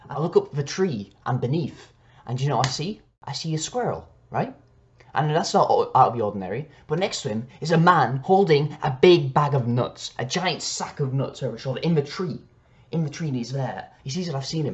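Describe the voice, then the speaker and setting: A man's voice: mid-range voice, lively intonation, fairly quick, lo-fi sound. Frantic man telling a panicky story. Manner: dramatic, panicky, swings from hushed to shouting. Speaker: comedy storyteller. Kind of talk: frantic comic storytelling to camera.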